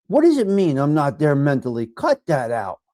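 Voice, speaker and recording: A middle-aged man with a New York accent hosting a casual live chat, giving blunt, profane tough love to viewers and swinging from low mutters to loud outbursts. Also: huge pitch swings, normal speed, no echo, studio quality. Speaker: livestream host reading chat.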